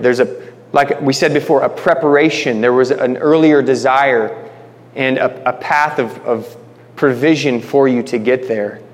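A man gives a relaxed Bible-study sermon at an ordinary pitch, chatty and informal, often restarting his phrases. His voice carries a long reverb tail, as if recorded in a hall. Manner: informal, restarts phrases, addresses listeners as guys. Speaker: Bible teacher.

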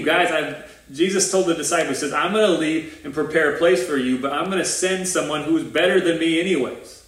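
A man's voice: fairly high pitch, brisk, fairly bright tone. A man preaching a sermon as pastor of a new church, earnest and informal, with restarts and asides. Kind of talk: conversational livestream sermon. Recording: roomy echo.

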